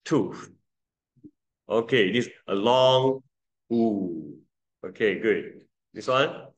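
A man's voice: on the low side, animated, very slow. A man teaching English pronunciation to a class, patiently drilling vowel sounds and calling on students. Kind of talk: classroom lesson.

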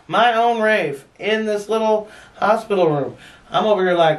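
A woman's voice: mid-range voice, unhurried, distant mic. A woman vlogger telling a personal story in a frank, chatty way, laughing often and swearing bluntly. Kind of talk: casual storytelling to camera.

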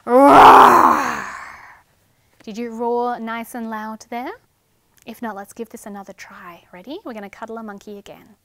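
A woman and children's librarian reading picture books and leading rhymes in an animated, sing-song, clear way. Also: on the high side, moderate pace, dry recording.

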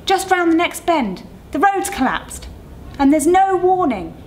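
A woman reading a story aloud and voicing a male coach driver calling out an urgent warning, loud and high. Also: sing-song, unhurried, a little hiss or hum, full character voice.

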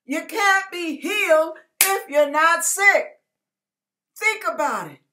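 A woman's voice: very high-pitched, expressive, slow pace, background noise. A woman pastor reading scripture and preaching, confiding her own struggles with rising emotion. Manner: personal, confiding talk about her struggles.

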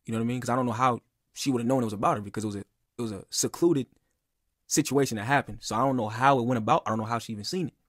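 A young podcast speaker rambles through a personal story, heated and casual, packed with "bro" and "like." His mid-range voice moves very fast, captured in a dry, studio-quality recording.

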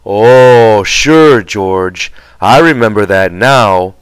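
A man voicing a simple-minded, childlike big man who speaks slowly and hesitantly in a raised, pleading voice. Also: lowish voice, animated, clear, resonant tone, no room sound, poor audio. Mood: eager. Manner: slow, hesitant, plaintive pleading.

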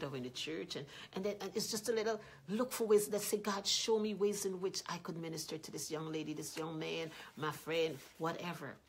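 A woman preaching a sermon earnestly, repeating key lines and voicing example prayers louder. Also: low voice, a little hiss or hum. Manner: earnest, repetitive, rising loud when quoting prayers.

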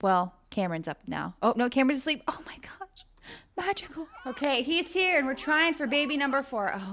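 A woman's voice: high-pitched, bright, forceful tone. A young woman hosting a casual let's-play, chatting animatedly with her viewers while she plays. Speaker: gaming channel host.

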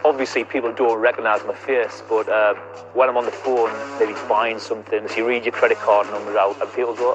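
A man who works as a voice-over narrator, talking about his job in a measured, deadpan way. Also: on the low side, muffled recording, over music. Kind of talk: mock-documentary interview and chat.

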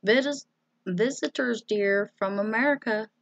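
A woman's voice: on the high side, measured pace, creaky, no echo, dull audio. Woman playing a fussy plump mother. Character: fussing kindly plump mother.

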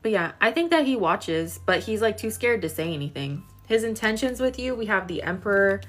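A woman's voice: mid-range voice, expressive, fairly quick. A young woman in her twenties doing a casual live-stream tarot reading, chatty and full of filler words while she talks to viewers. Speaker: tarot reader.

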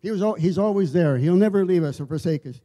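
A man giving an informal church sermon, telling stories in a halting way, often repeating and restarting his words. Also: sits high, warm tone. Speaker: lay preacher. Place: church service.

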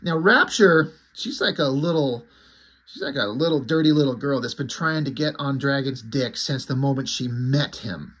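A man casually recapping a comic book, excited, loose and a bit profane. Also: medium pitch, normal speed, slightly rough.

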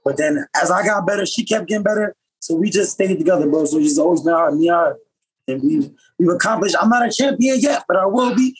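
A man from upstate New York talks quickly and loosely, full of slang, as he tells his story on a podcast. His voice is high for a man and has a husky grain to it. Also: low-quality recording. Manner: fast, slangy, animated storytelling. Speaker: podcast guest, professional boxer. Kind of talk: casual storytelling.

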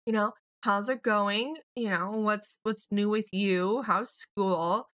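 A woman's voice: medium pitch, fairly even intonation, slow, a bit bright. A woman voicing a friendly, laid-back young married man making casual small talk in a life-sim game.

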